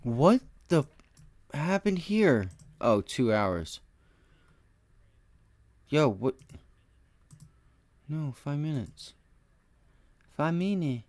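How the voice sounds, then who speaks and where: Speaking very slowly and pausing often, a man gives live, boastful, slang-filled market commentary to his day-trading stream audience. There's no room sound, and he shifts between excited loud outbursts and muttering under his breath.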